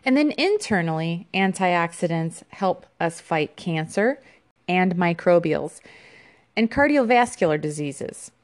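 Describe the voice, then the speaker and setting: A woman hosting a podcast about an herb, reading an informational segment with small fillers and restarts. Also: on the low side. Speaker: podcast host.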